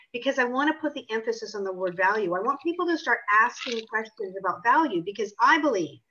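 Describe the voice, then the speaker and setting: A woman's voice: a little high, bright, forceful tone. Emphatic woman on lo-fi audio. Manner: emphatic, assertive. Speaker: author and pricing consultant. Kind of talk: interview answers. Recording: dull lo-fi audio.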